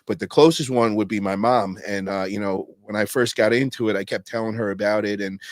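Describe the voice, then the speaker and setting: Podcast host: man, lowish voice, slangy and profane storyteller, dry close mic. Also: a little fast, dry recording. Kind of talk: casual podcast chat.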